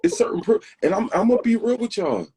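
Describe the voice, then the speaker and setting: A middle-aged man co-hosting a motivational talk, telling earnest stories in a lively way. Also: high-pitched, quick pace, background noise. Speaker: co-host.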